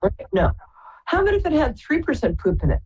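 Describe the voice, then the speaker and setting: A Brooklyn, New York woman hosts a live call-in psychic radio show, affectionate and chatty, calling callers darling and sweetheart. Her voice is high and warm with big pitch swings, and she talks fairly quickly. The sound is lo-fi.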